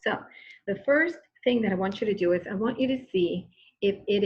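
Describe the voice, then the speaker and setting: A woman's voice: medium pitch, a little fast, a little hiss or hum. Lady teacher walking students thru a grammar lesson, repeats stuff, bit muffled audio. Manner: patient, repeats and checks in with "okay?". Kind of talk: recorded classroom grammar lesson.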